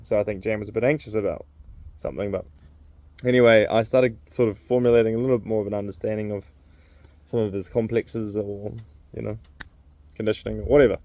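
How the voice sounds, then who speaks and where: A man's voice: lowish voice, steady tone, fast talker, pauses often, a little mellow. A man who runs a men's circle, telling a casual, rambling story full of fillers.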